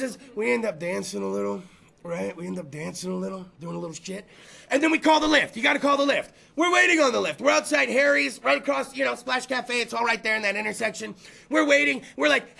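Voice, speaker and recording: A man with a high, gravelly voice hosts a podcast and rambles through a story. He swears freely, repeats himself and often shouts. His tone is bright and forceful. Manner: loud, rambling and profane, with repeated phrases and bursts of shouting. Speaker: podcast host. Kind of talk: casual storytelling chat.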